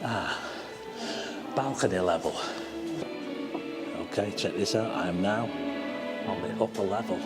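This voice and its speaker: Excitable man touring a theatre. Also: low voice, a little slow, pauses often, loud music behind the voice. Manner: excited, exclaiming, chatty asides to viewers. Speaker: vlogger giving a tour. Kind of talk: walking tour commentary. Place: large theatre backstage and stairwells, indoors.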